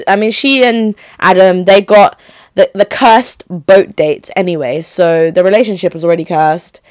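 A young woman hosting a solo podcast, chatty and opinionated, her pitch jumping high when she makes a point. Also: clear, resonant tone, dry recording. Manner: chatty, gossipy and opinionated, with lively pitch jumps. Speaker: podcast host. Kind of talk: casual solo podcast chat.

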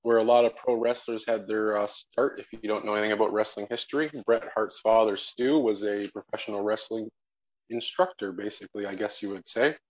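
A man's voice: on the low side, fairly even intonation, brisk. A man hosting a casual podcast, telling jokey stories and laughing often. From Canada. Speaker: podcast host. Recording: dull lo-fi audio.

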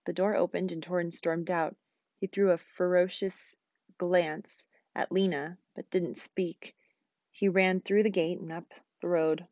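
Woman teacher reading a chapter aloud; low voice, dry close sound. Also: dry recording, highs cut off. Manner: quick, expressive reading.

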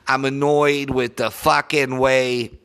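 A man's voice: medium pitch, level tone, slow, a bit bright, clean tone. A young man ranting as a sports podcaster, annoyed, sarcastic and heavy on profanity. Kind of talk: profane fan rant.

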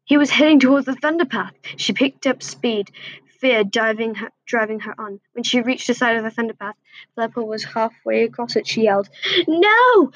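A woman reads a fan-written animal story aloud, in a breathy voice that sits a bit high. Her reading is plain and she stumbles and restarts now and then. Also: steady tone, fairly quick, no room sound, low-quality recording. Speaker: story reader.

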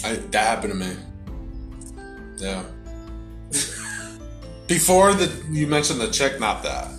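A man's voice: mid-range voice, takes it slowly. Young man telling a profane story, echoey room. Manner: profane, animated storytelling with many fillers. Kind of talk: casual chat. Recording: echoey room with loud music behind.

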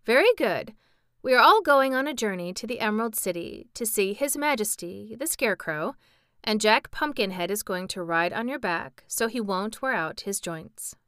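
A woman voicing an earnest young boy who gives brisk instructions in a storybook reading. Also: medium pitch, animated, bright, forceful tone, clean tone, no room sound, studio quality.

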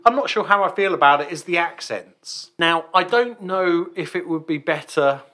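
Bright-voiced man reviewing a film. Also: a little high, animated, moderate pace. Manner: chatty, trailing off and restarting. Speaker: podcast co-host. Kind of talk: casual film review chat.

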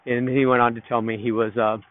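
A man's voice: mid-range voice, little pitch movement, quick pace. A man hosting a podcast, telling a loose, rambling story in a reflective solo monologue from outdoors in a park. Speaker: podcast host. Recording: narrow phone-like sound.

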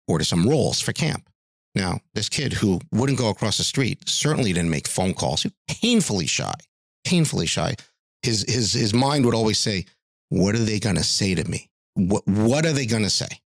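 A middle-aged man with a low, gravelly voice tells a story in an interview. His pitch leaps about as he acts out the people he quotes. The recording is dry and close. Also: fairly bright tone, no echo. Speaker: music teacher, podcast guest.

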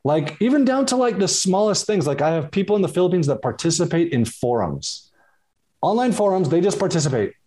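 A man's voice: high voice, big pitch swings, brisk, dark tone, slightly rough. A man speaks as a podcast guest, frank and a little hesitant. He stops and restarts often while he thinks through his answers. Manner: candid, hesitant, many fillers and restarts. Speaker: podcast guest, business owner. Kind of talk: casual interview chat.

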